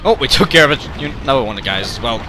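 A young man giving rambling, excitable gameplay commentary, often yelling in frustration. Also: medium pitch, racing, background noise. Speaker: let's play gamer. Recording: commentary over loud game music. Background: game music.

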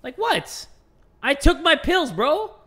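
Young male gamer, high voice, playing horror at his desk, faint hiss behind him. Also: sing-song, slow pace. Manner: jumpy, loud outbursts and joking asides. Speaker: gaming YouTuber. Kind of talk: horror game let's play commentary.

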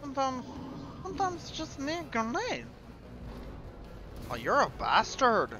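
Excitable, cursing male game streamer. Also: very high voice, measured pace, music in the background. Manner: profane, excitable, playful taunting of enemies. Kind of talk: live gameplay commentary.

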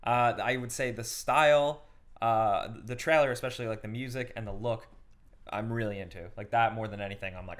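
A man's voice: on the low side, steady tone, brisk. A man hosting a casual chat about video games, talking loosely and swearing freely. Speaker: gaming show host.

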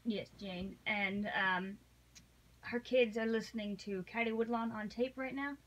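A woman co-hosting a read-along podcast, chatting casually and telling stories in an animated way. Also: fairly high pitch, a little slow, poor audio. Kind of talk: casual chat.

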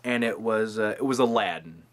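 A man in his twenties rambling and joking through a casual movie countdown vlog, with lively asides to his viewers. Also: fairly low pitch, normal speed. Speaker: movie-review vlogger.

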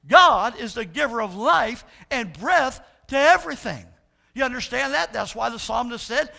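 A man preaching a sermon as pastor, emphatic and animated, repeating his points. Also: very high-pitched, normal speed, vocal fry.

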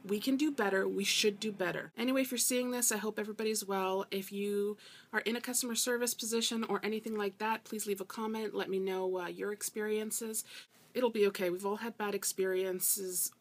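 A woman's voice: medium pitch, fairly even intonation, fairly quick. A woman with a mid-range voice talks straight to camera in a casual vlog rant. She sounds exasperated and emphatic, hammering her points home by repeating them. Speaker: vlogger.

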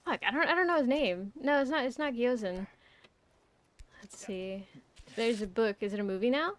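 A woman's voice: fairly high pitch, normal speed. A young woman streaming a game, chatting casually, rambling and swearing with lots of fillers. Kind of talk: casual live-stream chat.

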